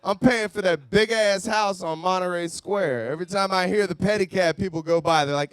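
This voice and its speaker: A young man doing a profane stand-up set at a bar, shouting out to the crowd. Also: high-pitched, a little fast, hardly any pauses, clear, resonant tone, dry recording. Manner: brash, profane storytelling with shouted crowd work. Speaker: stand-up comedian. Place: comedy bar stage.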